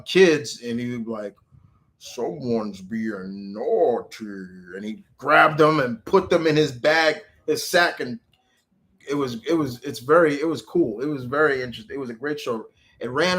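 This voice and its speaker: Rambling man in casual chat. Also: a little high. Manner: rambling, restarts often, animated quotes. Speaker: channel host.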